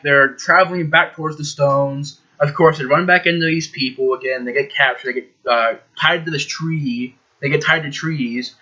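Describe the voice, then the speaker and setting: Here a movie reviewer rambles casually through a film's plot in a bright, forceful, fairly high voice. He stresses words emphatically and fills his speech with fillers, and the recording sounds dull and lo-fi.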